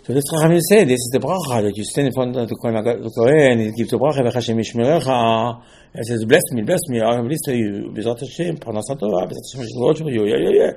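A man giving a Torah class as a rabbi, in halting, with emphatic restarts. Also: medium pitch, gravelly, dark tone, slightly rough. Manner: non-native English, halting restarts, rising emphasis.

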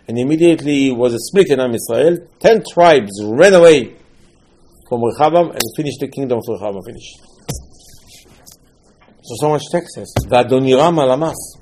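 A man's voice: medium pitch, animated, normal speed, darkish tone, slight background noise. A man giving a sermon on scripture, telling the stories with animation, acting out the quotes and repeating key words for emphasis. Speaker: religious teacher.

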